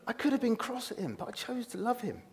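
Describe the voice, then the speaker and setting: A man's voice: very high-pitched, sing-song, fast, gravelly, a little mellow. A man giving an informal sermon to a room of listeners, chatty and self-deprecating, often laughing at himself. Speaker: preacher. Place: room with an audience.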